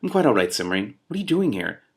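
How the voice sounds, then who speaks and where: A man reading a calm female dragon king. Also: on the low side, quick pace, gravelly, breathy edge, heavily acted.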